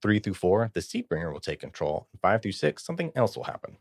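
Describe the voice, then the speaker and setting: A man narrating and running a tabletop game as game master, relaxed and descriptive. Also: fairly low pitch, fast, gravelly, no room sound, studio quality.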